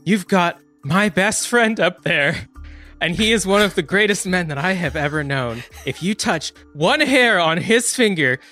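A man voicing a brash, loyal young man who delivers a profane, drawn-out tirade over a radio. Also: high voice, animated, pushed and bright, faint music behind, exaggerated voice. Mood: furious.

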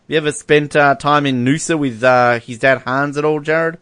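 A man's voice: fairly high pitch, steady tone, normal speed, few pauses, a bit bright, smooth, no room sound, clean studio sound. A man, co-hosting a casual chat and reading out fan messages with amusement, laughing often. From Australia. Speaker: podcast co-host.

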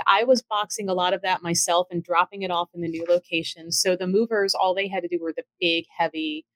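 A middle-aged woman with a fairly low voice talks through a spooky tale from her own house. She sounds chatty and animated and slips into the voices of the people she quotes. The recording is close and dry, with no room sound around her. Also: no room sound. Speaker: storyteller recounting ghost encounters. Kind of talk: casual storytelling.

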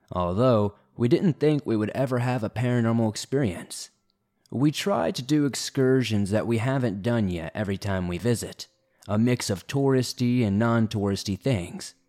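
A man narrates horror stories in a steady, low-key read. His voice sits on the lower side.

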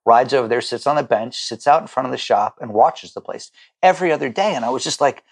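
A man's voice: mid-range voice, quick pace, vocal fry, husky. A middle-aged chef talking as a podcast guest over a remote call, heartfelt and stumbling over repeated words when he gets moved. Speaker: chef and restaurant owner, guest. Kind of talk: emotional podcast conversation.

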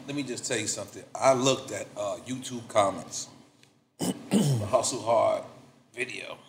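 A man hosting an interview, animated and emphatic, often repeating words for effect. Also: fairly low pitch, measured pace, gravelly, roomy sound, a little hiss or hum. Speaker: interviewer host. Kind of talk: casual interview talk.

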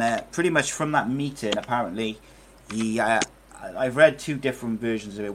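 A man's voice: fairly low pitch, fairly bright tone, slight background noise. Chatty man hosting a football podcast. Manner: chatty, rambling, many fillers. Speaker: podcast host. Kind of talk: casual chat.

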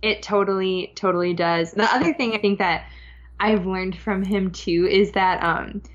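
A woman's voice: medium pitch, moderate pace. Chatty young woman on a dull line. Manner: chatty, laughs often, lots of "like". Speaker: podcast guest. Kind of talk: casual interview chat.

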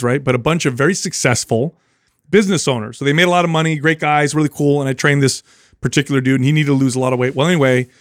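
Casual podcast host, middle-aged man, lively storyteller, dry close mic. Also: medium pitch, dry recording. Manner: animated, acts out quoted voices.

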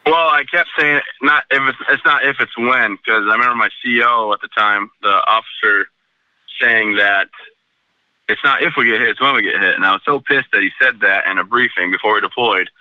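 A man, an Army veteran, calmly recounting a personal story in a remote interview, matter-of-fact and self-deprecating. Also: lowish voice, a little fast, no echo, lo-fi sound.

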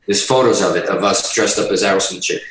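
A middle-aged man, a guest musician, telling a story in a casual, animated way, swearing constantly and restarting his sentences. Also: deep voice, fast. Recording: roomy sound, distant from the mic.

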